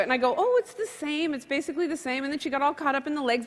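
A woman's voice: very high voice, quick pace, hardly any pauses. A middle-aged woman telling a stand-up comedy story before a live audience, acting out a child's questions. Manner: animated, acts out her daughter's questions. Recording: live hall with crowd noise.

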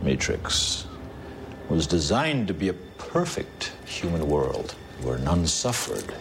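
An actor playing a cold, menacing villain in a film, slow and sinister. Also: male voice, very deep voice, sing-song, creaky, background noise, exaggerated voice. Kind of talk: film dialogue. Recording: film clip with score.

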